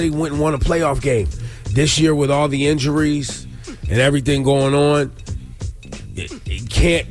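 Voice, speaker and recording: A man hosting a morning radio show, teasing his co-host in a wry, measured way. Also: a little high. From United States. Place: radio studio. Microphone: studio microphone. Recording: radio studio with music bed.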